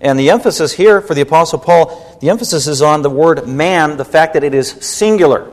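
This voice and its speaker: A man preaching a sermon as pastor, emphatic and rising in pitch when stirred. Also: a little fast. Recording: long hall reverb.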